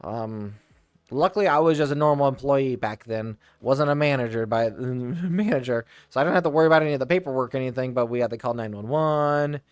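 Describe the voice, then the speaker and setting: A man telling casual stories from his old job, rambling with frequent restarts and tangents and laughing quickly now and then. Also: medium pitch, clear, resonant tone, dry recording. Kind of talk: casual storytelling.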